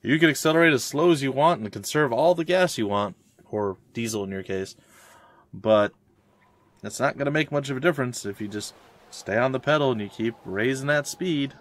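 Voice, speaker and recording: A young adult man from Florida, USA, rambles and rants in casual chat while streaming a game as a let's play streamer. His voice sits at medium pitch and moves fairly quickly.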